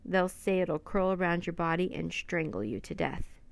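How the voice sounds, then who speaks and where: A woman's voice: lowish voice, expressive, normal speed, vocal fry. Woman doing a superstitious old-time sailor. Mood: spooky. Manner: old sailor's talk, spooky. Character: superstitious male sailor telling monster tales.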